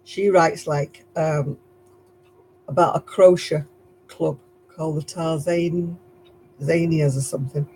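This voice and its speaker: A woman's voice: low voice, steady tone, takes it slowly, long pauses, darkish tone, a little hiss or hum, low-quality recording. A woman with a Lancashire accent hosting a casual live stream while she crochets, chatty and rambling, chuckling at herself. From Lancashire, England.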